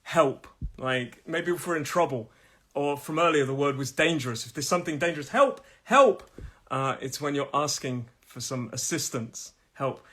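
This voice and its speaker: A middle-aged man from England, a pronunciation teacher in a live lesson, chatty and repeating words slowly as his voice starts to go. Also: mid-range voice, a bit bright. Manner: chatty, repeats each word slowly, laughs at own jokes. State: losing his voice.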